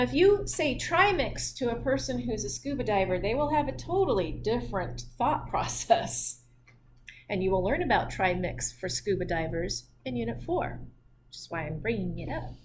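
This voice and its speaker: Woman teaching physiology, higher voice, chatty and joking around, little bit of hiss behind her. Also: fairly bright tone. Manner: chatty, jokey asides, laughs at herself. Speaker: physiology instructor. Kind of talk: recorded lecture.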